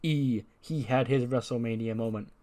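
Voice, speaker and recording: A man's voice: medium pitch, normal speed, warm tone, close to an everyday voice. A man voicing an ambitious male wrestler who speaks eagerly and throws out challenges.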